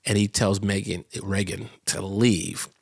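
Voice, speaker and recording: Man, podcast co-host, casual recap chat, frequent laughter, animated character voices. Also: a little slow, gravelly. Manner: laughs often, acts out characters with big pitch jumps.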